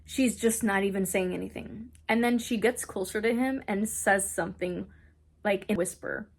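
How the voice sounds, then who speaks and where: A young adult woman chatting casually in a book vlog, retelling a story in an excitable way full of "like". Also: medium pitch, normal speed, creaky, husky. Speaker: book vlogger. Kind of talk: casual reading vlog chat. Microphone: camera on a stand, not handheld.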